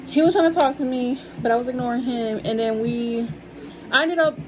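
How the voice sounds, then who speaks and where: A woman's voice: fairly high pitch, a little fast, faint music behind, rough recording. A young woman chatting casually to her viewers about her life, calling them y'all. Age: young adult. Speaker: vlogger telling a story. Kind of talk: casual storytime chat.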